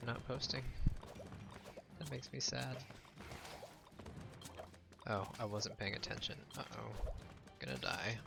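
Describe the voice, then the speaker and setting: A man's voice: mid-range voice, creaky, noisy background. A man casually chatting with his viewers during a live game stream, rambling with lots of "like" and laughing often. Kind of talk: casual live-stream chat while playing.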